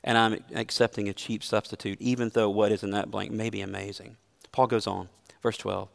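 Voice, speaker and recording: A man's voice: lowish voice, level tone, fairly quick, creaky, in a large hall. A man preaching a sermon as a pastor, earnest and emphatic, mixing scripture with a personal story.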